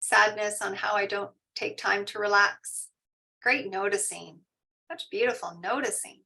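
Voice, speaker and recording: A woman teaching mindfulness in an online session, guiding a meditation and then reading out and answering participants' shares in a soft, slow, soothing way. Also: mid-range voice, fairly even intonation, creaky. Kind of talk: guided meditation and parent info session. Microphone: online video call.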